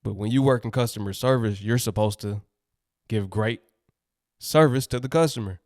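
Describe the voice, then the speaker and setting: Man, lowish voice, quick blunt slangy talk, dry close sound. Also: no echo. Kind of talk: casual chat.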